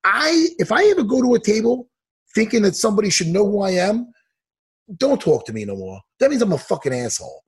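A man's voice: sits high, big pitch swings, brisk, slightly rough. A man, an MMA coach, chatting casually on a podcast, ranting heatedly and swearing a lot. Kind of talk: casual chat.

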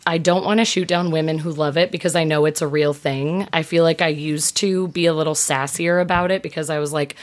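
A woman in her thirties talks casually as a podcast guest, her voice sitting a little on the low side. She tells a personal story openly and with animation, keeping it frank. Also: steady tone, a little fast, few pauses. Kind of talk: casual chat.

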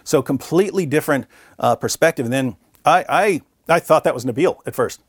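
A middle-aged man, a guest in an interview, telling a story in a relaxed, chatty way and briefly acting out the voices of people he quotes. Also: on the high side, fairly quick, breathy edge, no room sound, studio quality. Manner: animated, acts out quoted voices. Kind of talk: conversational storytelling.

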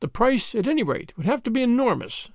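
Brief: man doing a cold, scornful schemer lady in a storybook reading, high and lilting, dry sound. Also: moderate pace, no echo. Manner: calm, mocking, coolly superior. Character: cool, scornful, scheming society woman.

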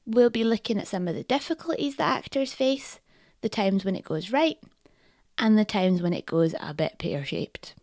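A woman's voice: mid-range voice, expressive, moderate pace, darkish tone, dry recording. A Scottish woman narrates a podcast in a wry, articulate voice that rises and falls freely. The sound is close and dry, with no room around her. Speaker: podcast host. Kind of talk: scripted narration.

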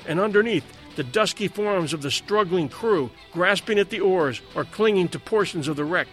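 A man reading a dramatic sea adventure aloud as a narrator, in a measured way. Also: on the high side, fairly bright tone. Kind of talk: scripted story narration.

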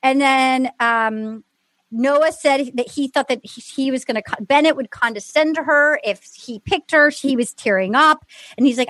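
A woman's voice: sits high, moderate pace, fairly bright tone, dry recording. A woman hosting a podcast, recapping in a chatty, mocking way. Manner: chatty, mocking, acts out quotes. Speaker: podcast host. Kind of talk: casual recap chat.

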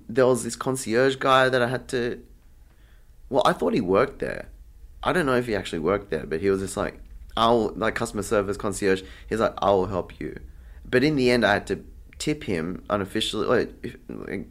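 A man's voice: lowish voice, animated, moderate pace, a bit bright. A young man being interviewed, chatting casually and acting out the exchanges in his story, with lots of fillers. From Australia. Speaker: interview guest, artist.

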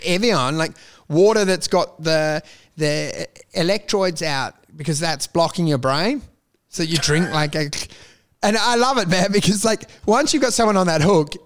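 High-voiced, rambling, swearing man. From South Africa. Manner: rambling, profane anecdotes with frequent laughter. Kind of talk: casual chat.

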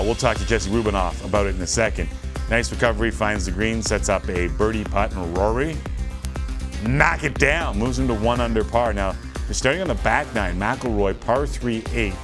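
Man calling golf highlights. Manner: jokey, quick asides over golf highlights. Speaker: sports show host. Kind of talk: casual highlights commentary with banter. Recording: music bed under the voice.

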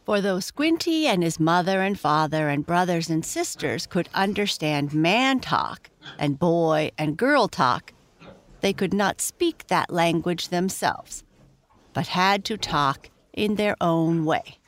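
Slow, gentle woman reading a children's story. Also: fairly low pitch, expressive. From Canada. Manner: gentle, explanatory asides to the listener.

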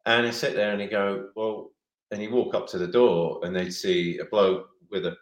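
A man's voice: on the low side, steady tone, moderate pace. Rambling man in an echoey room. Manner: rambling, restarts, acts out others' lines. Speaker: former goalkeeper, guest. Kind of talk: casual anecdote-telling. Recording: roomy echo.

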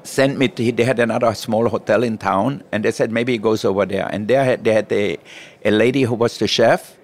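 A man's voice: fairly low pitch, a little fast. A middle-aged man, a chef, telling stories in an interview and acting out the lines he quotes. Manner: animated storyteller who acts out quoted lines. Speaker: chef and guest. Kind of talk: storytelling interview.

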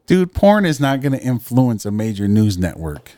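A man's voice: mid-range voice, big pitch swings, normal speed, dark tone, dry recording, clean studio sound. A man co-hosting a podcast, joking and swearing in rambling casual chat. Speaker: podcast co-host.

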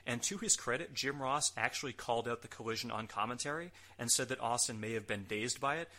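A man's voice: mid-range voice, pushed and bright. A man hosting a podcast, giving a casual recap with wry, joking asides and the odd curse word. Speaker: podcast host. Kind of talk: casual recap narration of a wrestling show.

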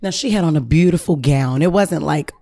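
A woman hosting a podcast, telling a story in a casual, animated way, full of slang and swearing and talking straight to her listeners. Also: low voice, a little fast. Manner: animated, slangy and profane, addressing listeners directly. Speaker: podcast host.

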